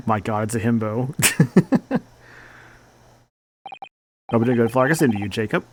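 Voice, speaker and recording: A man commenting casually on a live stream, playful and quick to laugh and swear. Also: medium pitch, a little hiss or hum. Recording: game music behind the voice. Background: game music.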